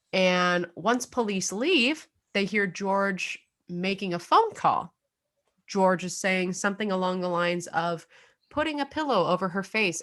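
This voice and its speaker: Co-hosting a casual true-crime podcast, a young adult woman speaks in a mid-range, somewhat bright voice. She chats freely, uses lots of fillers, and laughs from time to time.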